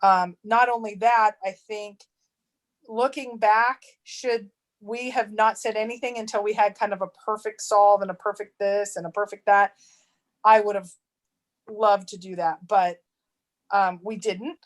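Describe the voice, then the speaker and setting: A woman co-hosting a casual livestream chat, rambling with restarts and quick to laugh. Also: medium pitch, fairly even intonation. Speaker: treasure hunt channel co-host.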